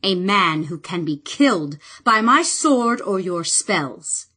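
A woman voicing a confident, loving young male king in an audiobook, steady and assured. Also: lowish voice, takes it slowly, breathy edge, full character voice.

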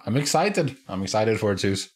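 A man's voice: fairly low pitch, sing-song, brisk. A man hosting a reaction video, giving casual, amused commentary with chuckling asides.

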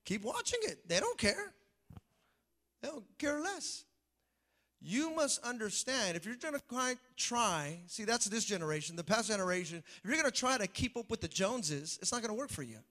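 A male pastor delivers his sermon in a high, bright voice with a forceful edge. He drives points home by repeating them and keeps calling on the congregation to answer back. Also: big pitch swings, moderate pace. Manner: preachy, calls for congregation response; repeats key phrases for emphasis.

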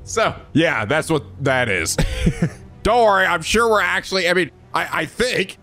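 A man hosting a let's play, recapping the story in excitable, jokey, swear-filled commentary with sudden shouts. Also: a little high, unhurried, soft background music. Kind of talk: energetic gameplay commentary.

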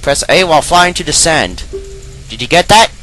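A man's voice: a little high, expressive, normal speed, sharp tone, faint music behind, rough recording. Tatl, a man putting on a bossy girl fairy. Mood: instructive. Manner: impatient, bossy. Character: bossy sharp-tongued young female fairy. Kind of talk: reading game dialogue aloud.

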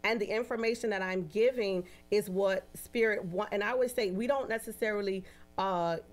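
A woman who works as a medium, a guest in a casual interview, telling animated anecdotes and acting out the voices of the people in them. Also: mid-range voice, normal speed. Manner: animated, acts out quoted dialogue in anecdotes; often adds "you know" and "right?".

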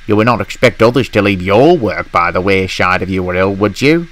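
A man voicing a stern, measured middle-aged male railway boss in a storybook reading. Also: sits low, animated, a bit bright.

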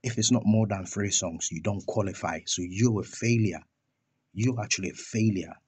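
A young man delivers a heated vlog rant, scornful and full of rhetorical questions and insults. His voice sits low and sounds a little husky. It is recorded dry and close, with no room sound around it. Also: moderate pace, a little mellow, no room sound. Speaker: commentator on a music feud.

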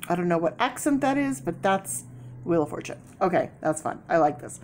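A woman giving a casual tarot reading, chatty with many fillers and sudden excited bursts. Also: on the low side, brisk. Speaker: tarot reader.

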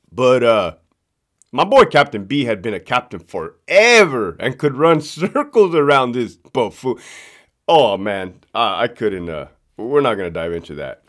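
A man's voice: medium pitch, a bit bright. A man telling prison work stories in a casual, profane monologue, laughing often and repeating his punchlines for emphasis.

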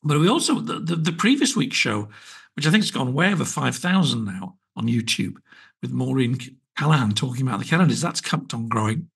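Gravelly, husky British man hosting a podcast. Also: mid-range voice, expressive, brisk, fairly bright tone. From Britain. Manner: chatty, wry, rambling with fillers. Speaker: podcast host. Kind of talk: casual solo podcast chat.

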